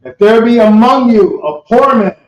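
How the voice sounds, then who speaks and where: A man reading scripture aloud in a measured, formal recitation during a class. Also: extremely high pitch, expressive, far from the mic. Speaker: scripture reader. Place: indoor meeting hall. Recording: echoey, dull lo-fi room audio.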